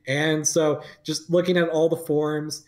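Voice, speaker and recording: A young man telling a story in a casual livestream chat. His voice sits a little high, and he rambles through it with many fillers and "like"s, often laughing mid-sentence. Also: level tone, measured pace. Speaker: podcast host.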